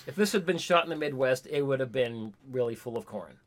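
A man's voice: mid-range voice, lively intonation, a little fast. A man co-hosting a casual movie review chat, explaining plot points with wry remarks. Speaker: podcast co-host.

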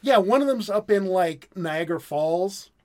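A man's voice: high voice, expressive, measured pace, darkish tone. A man hosting a casual podcast chat that reviews films in a wry, self-deprecating way. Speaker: podcast host.

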